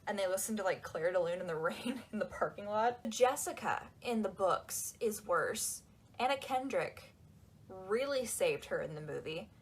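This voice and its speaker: A young woman giving casual, sarcastic commentary on a book, acting out quotes in quick asides. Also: medium pitch, expressive, slightly rough, rough recording. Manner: sarcastic, chatty, acts out quotes.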